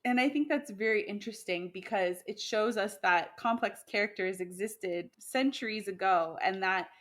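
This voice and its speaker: A woman talks through old legends in a loose, casual podcast chat, with plenty of ums, restarts and quick laughs. Her voice sits at an ordinary middle pitch. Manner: chatty, laughs often, many fillers and restarts. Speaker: podcast co-host sharing myths.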